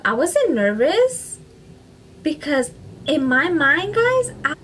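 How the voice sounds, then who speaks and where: A woman's voice: a little high, fairly bright tone, slight background noise, rough recording. A woman vlogger casually telling a personal story to camera, filling her talk with "like" and "you know" and slipping into Spanish phrases. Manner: chatty, fills speech with "like" and "you know".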